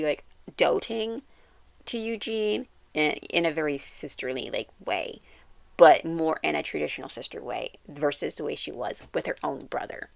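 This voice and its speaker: A woman giving a casual, rambling recap of a TV series, full of "like" fillers and quick self-corrections. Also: deep voice, creaky, no echo. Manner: quotes characters with animated bursts and laughs. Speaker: YouTuber reviewing a TV series. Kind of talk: casual episode recap and commentary.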